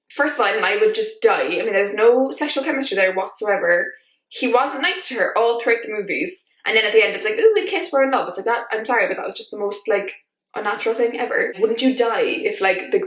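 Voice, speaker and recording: A woman vlogger talking in a casual, animated way, full of fillers as she shares her opinions. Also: medium pitch, brisk. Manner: chatty, animated, many fillers like "like". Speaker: YouTube vlogger. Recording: echoey room.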